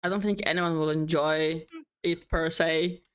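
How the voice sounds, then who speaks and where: A woman's voice: sits low, fairly even intonation, unhurried, clean tone. A woman co-hosting a casual stream chat, making dry, teasing remarks.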